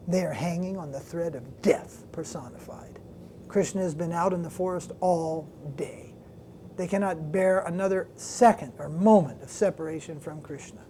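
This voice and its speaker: Older man telling a devotional story, mellow voice. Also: high voice, a little hiss or hum. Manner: lively retelling with quoted voices, pauses to recall details. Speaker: swami giving a religious class.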